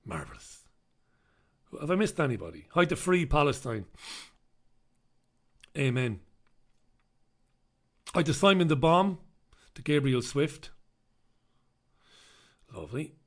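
A man's voice: on the high side, sing-song, slow pace, long pauses, a bit bright. An Irish man hosting a live stream in casual chat, sardonic and sweary as he greets viewers and riffs on the news. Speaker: livestream host.

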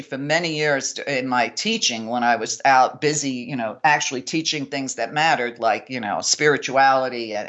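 A woman's voice: low voice, highs cut off. An older woman from New York, a podcast guest talking bluntly and scornfully. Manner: blunt, scornful, sharp-tongued. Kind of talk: podcast conversation.

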